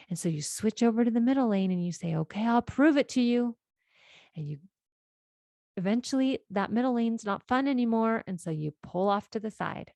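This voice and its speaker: A middle-aged woman talks alone into the mic as a life coach, earnest and storytelling, slipping into quoted voices. Her tone is mellow and low in brightness, at an ordinary pitch for a woman. The recording is close and dry, with no room sound. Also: no echo. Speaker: podcast host and life coach. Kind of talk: solo podcast monologue.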